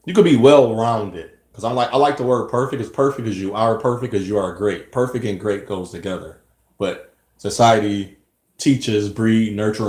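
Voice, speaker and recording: A man's voice: mid-range voice, roomy sound. A man giving a rambling, earnest personal monologue, preaching about hate, self-reflection and staying positive. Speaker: vlogger.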